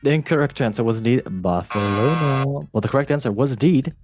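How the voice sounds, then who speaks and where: A man's voice: medium pitch, fairly quick, over music. A man hosting a casual football quiz podcast, playful and rambling with jokey asides. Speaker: quiz show host.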